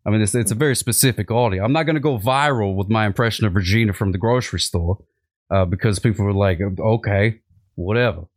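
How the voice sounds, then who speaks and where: A man's voice: on the low side, quick pace, no room sound, studio quality. A man chatting in a rambling comedic style, full of fillers. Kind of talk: comedic casual chat.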